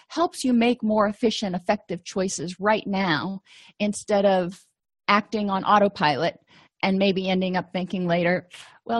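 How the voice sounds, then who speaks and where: A woman's voice: mid-range voice, no echo. A middle-aged woman counselor giving a conversational recorded lecture, explaining with everyday personal examples.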